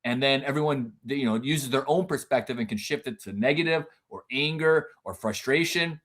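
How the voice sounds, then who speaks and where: A man who is a guest in a casual podcast interview and speaks in an earnest, reflective way with expressive emphasis. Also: medium pitch, normal speed.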